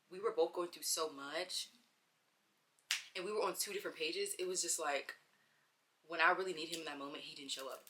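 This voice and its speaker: A young woman speaks to her camera at home in a relaxed girl-talk storytime between bites of food. Her voice is bright and forceful but sits slightly low, and she rambles candidly, circling back with fillers and restarts. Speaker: vlogger. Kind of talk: casual girl-talk storytime while eating. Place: at home, wearing a bonnet.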